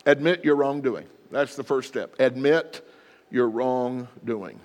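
A middle-aged male pastor preaches a sermon in a large hall, his voice mid-range and slow. He acts out short example apologies in different voices and leads the congregation in spoken practice.

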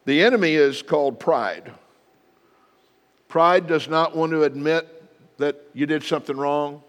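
Sounding a little high and a little slow, a middle-aged man preaches in a big-room space. In his sermon he voices short apology examples in different characters and has the congregation practice speaking along.

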